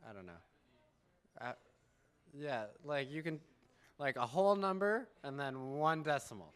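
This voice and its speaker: A man's voice: fairly high pitch, lively intonation, measured pace, smooth. A man hosting a live university poetry slam, joking with the crowd and counting down to each poet. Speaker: slam emcee. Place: university event hall.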